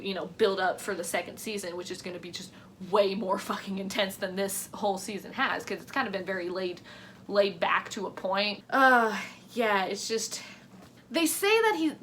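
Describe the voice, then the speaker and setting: A woman's voice: mid-range voice, a bit bright, slight background noise. A woman giving casual reaction commentary, ranting in exasperation with lots of swearing and mocking quoted lines. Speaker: reaction vlogger.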